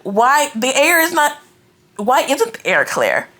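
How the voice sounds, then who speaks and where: A young woman giving a casual, animated book reaction, ranting in exasperation and filling her talk with "like" and "right?". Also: high-pitched, slow pace. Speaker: book reviewer. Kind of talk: casual reading-reaction rant.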